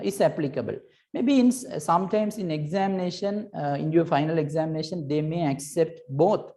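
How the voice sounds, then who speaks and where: A woman's voice: fairly low pitch, dark tone. A woman teaching a recorded lesson, patiently explaining and checking in with "right?" between points, with hesitant restarts.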